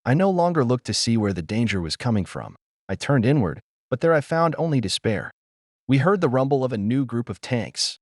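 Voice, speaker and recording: A man narrating a first-person war memoir in a grave, measured storytelling manner. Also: medium pitch, dry recording, studio quality.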